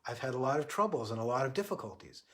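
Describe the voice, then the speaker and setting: A man voicing a quiet, kind little old man who speaks gently and with understanding. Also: mid-range voice, big pitch swings, quick pace.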